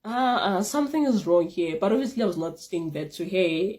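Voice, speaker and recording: A young woman vlogger telling a casual storytime tale, animated and repeating phrases for emphasis. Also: mid-range voice, brisk.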